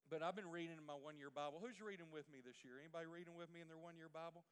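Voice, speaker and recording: A man's voice: fairly high pitch, very fast, clean tone. A male pastor preaching a sermon in a conversational way, putting questions to the congregation. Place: church sanctuary. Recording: long hall reverb.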